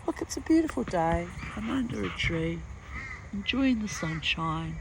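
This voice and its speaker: A woman's voice: on the low side, expressive, a little slow, vocal fry, background noise. An older woman in a casual vlog, telling a story bluntly and with lots of swearing, speaking outdoors in a garden. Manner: blunt, profane, emphatic storytelling. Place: outdoors in a garden under a tree.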